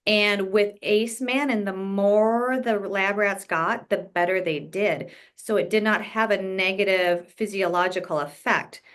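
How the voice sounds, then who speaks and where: A woman's voice: mid-range voice, steady tone, unhurried, hardly any pauses. Earnest woman guest, chatty with fillers. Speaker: podcast guest. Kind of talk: casual interview chat.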